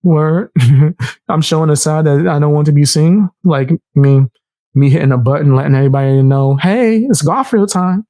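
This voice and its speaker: A young male streamer in casual commentary, brash and profane, his voice leaping high whenever he mocks someone. His tone has a gravelly edge, and the sound is dry, close, and without room echo. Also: moderate pace. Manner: brash, profane trash talk with frequent laughs; animated, jumping sharply high when mocking.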